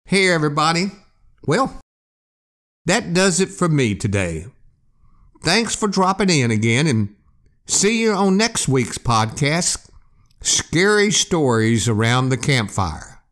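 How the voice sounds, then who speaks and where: A male podcast host telling a scary campfire story. He speaks slowly and draws out each line for effect. His pitch swoops widely as he builds suspense. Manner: slow, expressive storytelling. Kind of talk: storytelling narration.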